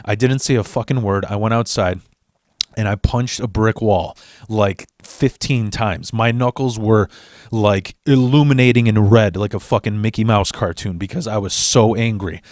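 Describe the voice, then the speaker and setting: A man telling a comedic personal story in a rambling, profane monologue, acting out the dialogue with shifting voices and jumping between fast and slow delivery. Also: lowish voice, a little mellow, no echo, clean studio sound.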